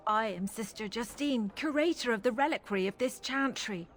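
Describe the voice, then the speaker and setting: In a fantasy game, a woman voices a devout, reflective curator of chantry relics. Her voice is a little high and close to everyday speech, and she speaks with an Irish accent in an earnest, measured manner.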